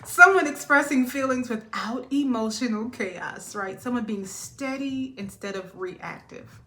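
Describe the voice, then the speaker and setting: A woman's voice: on the high side, lively intonation, a little slow, sharp tone. A woman giving a casual tarot reading in a chatty way, laughing often and drifting off topic. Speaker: tarot reader.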